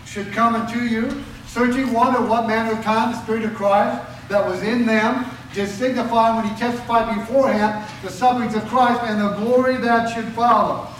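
A man's voice: extremely high pitch, steady tone, normal speed, few pauses, a little hiss or hum. A man preaching a sermon, asking the congregation questions and driving points home with emphatic rises and drops. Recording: very echoey hall from a distance.

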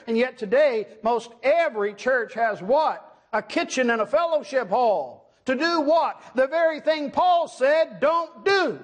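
A man's voice: extremely high pitch, animated, a little slow, few pauses. A middle-aged man preaching a sermon, emphatic, asking the congregation questions and answering them himself.

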